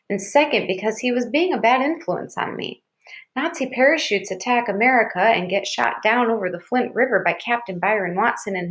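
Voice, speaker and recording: Woman reading a novel aloud. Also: medium pitch. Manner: steady storytelling. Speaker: reader.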